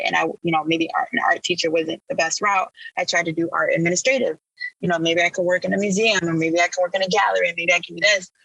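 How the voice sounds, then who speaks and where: A woman from Illinois recounts her path as a podcast guest, candid and emphatic in her storytelling. Her voice is bright and edged with gravelly fry, and the sound is dry and close. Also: fairly low pitch, dry recording, rough recording. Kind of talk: personal storytelling in an interview.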